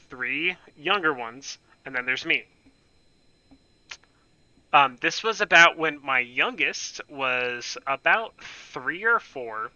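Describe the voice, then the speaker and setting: A man's voice: medium pitch, pushed and bright, no room sound, dull audio. A young man casually telling a rambling, profane, self-mocking story on his gaming channel.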